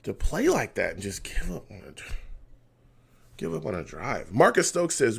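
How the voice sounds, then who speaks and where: A man's voice: medium pitch, normal speed, gravelly, slightly rough. A man hosting a live fan reaction stream for a football game, reading chat comments aloud and ranting heatedly about play calls. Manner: animated, heated rants at the team.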